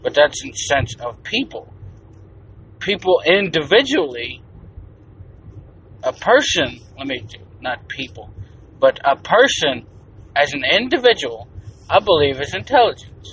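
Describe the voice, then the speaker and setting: A man's voice: on the high side, sing-song, moderate pace, fairly bright tone. Profane, blunt man ranting on a podcast. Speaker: podcast host. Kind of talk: casual solo podcast rant. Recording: distant, dull lo-fi mic with faint noise.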